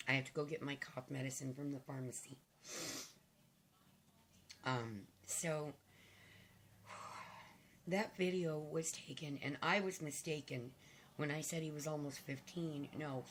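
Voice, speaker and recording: An older woman vlogging to camera, hoarse and raspy from losing her voice, talking in a rambling, heartfelt way with hesitant fillers. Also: low voice, pushed and bright, slight background noise. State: hoarse, nearly lost voice. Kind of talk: casual to-camera chat.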